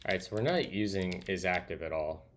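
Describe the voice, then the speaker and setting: A man's voice: low-pitched, expressive, a little fast, a little hiss or hum. A man streaming live as he codes, thinking aloud and muttering to himself as he types. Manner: muttering to himself while typing. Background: keyboard typing.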